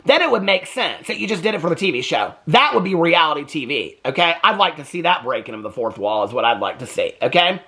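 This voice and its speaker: A man's voice: a little high, sing-song, fast talker, hardly any pauses, pushed and bright. A man giving blunt, exasperated casual commentary as a TV recap vlogger.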